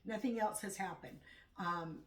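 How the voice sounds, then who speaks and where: A middle-aged woman chatting casually at home in a vlog, rambling and halting as she talks. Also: mid-range voice, fairly bright tone, slight background noise. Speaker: vlogger. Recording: echoey room, far from mic.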